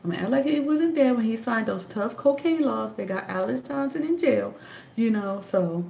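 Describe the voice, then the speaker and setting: Slight background noise and room echo surround a woman in her thirties whose voice sits on the high side, creaky and darkish, animated at a normal speed. Speaking into a tablet, she gives casual, sarcastic political commentary, emphatically throwing out rhetorical questions.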